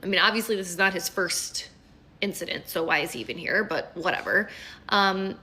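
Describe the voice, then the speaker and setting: A woman in her thirties, a kindergarten teacher and mother, telling a casual story in an animated, chatty way with quick asides. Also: fairly low pitch.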